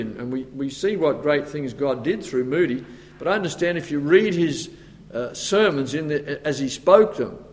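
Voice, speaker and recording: A man preaching a sermon, acting out the voices of Moses and God with stammers and asides. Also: fairly high pitch. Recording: long hall reverb.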